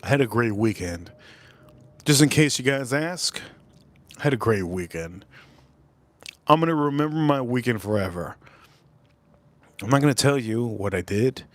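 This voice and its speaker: Man, live stream host, middle pitch, rambling and repetitive, dry close recording. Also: animated, normal speed, pauses often, no echo. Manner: repetitive, loose and chatty, calling out viewer names. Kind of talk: casual live stream chat.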